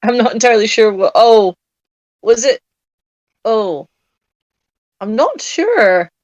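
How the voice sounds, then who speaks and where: A woman's voice: fairly high pitch, sing-song, takes it slowly, darkish tone, no room sound, dull audio. A woman in her late twenties co-hosting a casual chat, sleep-deprived, rambling and laughing often. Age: late 20s. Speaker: podcast co-host.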